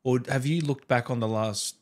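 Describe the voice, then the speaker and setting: A man's voice: medium pitch, normal speed, a little mellow. Enthusiastic male host. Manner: enthusiastic, informal. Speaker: podcast host. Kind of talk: casual interview talk.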